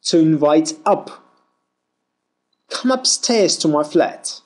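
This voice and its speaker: A man reads pronunciation drills slowly and carefully, giving every sound its full shape. His fairly high voice rises and falls a great deal as he works through each line. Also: lively intonation. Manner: slow, deliberate, over-articulated reading. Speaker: pronunciation teacher. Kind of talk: reading pronunciation drills aloud.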